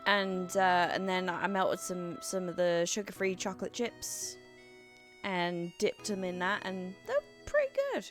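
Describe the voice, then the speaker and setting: A woman's voice: fairly low pitch, level tone, unhurried, faint music behind. A woman streamer chatting casually in a rambling way, with lots of fillers. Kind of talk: casual chat.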